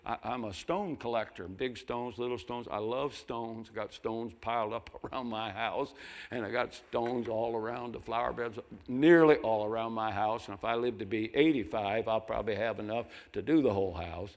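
An older man preaching a sermon, telling folksy stories and breaking into loud mimicking voices. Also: fairly low pitch, normal speed. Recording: long hall reverb.

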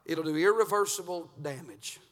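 Man preaching fire and brimstone in a church, high bright voice, surges from near-whisper to full shout, long hall echo. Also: moderate pace. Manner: swings from hushed to shouted preaching. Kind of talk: fiery revival sermon. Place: church sanctuary.

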